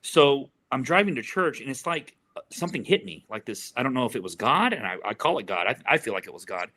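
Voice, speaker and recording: A middle-aged man with a bright, forceful voice, speaking as a therapist guest in an interview. He tells an earnest story and repeats words as he gropes for the right phrasing. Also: medium pitch, sing-song, fast. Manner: earnest, repeats words while searching for them.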